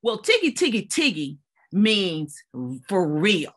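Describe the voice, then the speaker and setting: A woman speaking as a panelist and former volunteer, telling animated stories from her service over a video call. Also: mid-range voice, normal speed. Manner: animated storytelling, laughs while telling. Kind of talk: panel discussion recollection.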